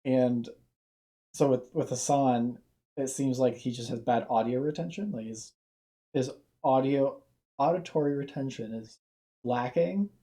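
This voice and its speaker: A man's voice: medium pitch, a little slow, warm tone. A young man giving casual reaction commentary, rambling off on tangents and restarting his sentences.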